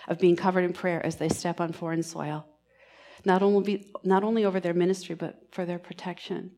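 In a voice on the low side, a female preacher delivers an earnest, pastoral church sermon, alternating between emphatic statements and near-whispered passages.

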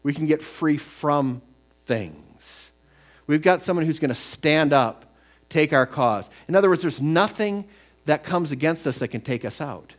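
A man's voice: a little high, animated, unhurried. A middle-aged man preaching a sermon, moving between conversational storytelling and emphatic scripture reading. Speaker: pastor.

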